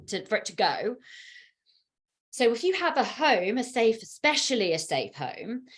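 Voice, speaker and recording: A woman parenting coach hosting a podcast chat, talking in an animated, emphatic way with frequent laughs. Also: mid-range voice.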